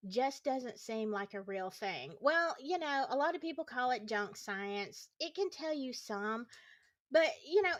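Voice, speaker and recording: Tired, fired-up woman chatting. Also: sits high. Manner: opinionated, gets heated, sarcastic asides, reads chat aloud. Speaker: YouTube true-crime commentator. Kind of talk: casual livestream chat.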